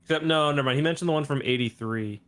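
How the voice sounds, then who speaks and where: A man hosting a gaming channel, wry and animated as he chats through a match. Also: fairly high pitch, fast. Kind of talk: casual gameplay chat. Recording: game noise behind voice.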